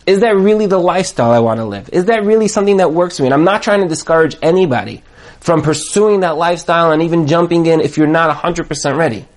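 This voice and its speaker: Animated high-voiced man giving a motivational talk. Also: fast. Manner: animated, acts out quoted voices. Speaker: marriage coach.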